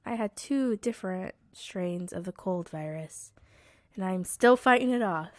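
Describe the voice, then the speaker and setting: A woman's voice: medium pitch, expressive, no echo, clean studio sound. A woman co-hosting a gaming podcast in a chatty, bubbly way, her voice worn by a cold. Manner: chatty and bubbly, quick to laugh. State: sick, hoarse voice. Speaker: podcast co-host. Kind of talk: casual chat.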